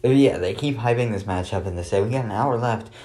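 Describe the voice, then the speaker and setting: A man with a very low, mellow voice recaps a wrestling show alone, talking fast. His take is casual and dry, peppered with sarcastic remarks and lots of filler words.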